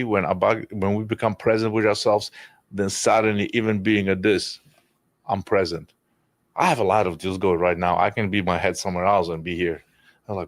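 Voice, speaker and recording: A man's voice: sits low, no echo, clean studio sound. A man, telling emotional personal stories in a candid conversation, rambling and restarting, with swearing. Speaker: podcast guest.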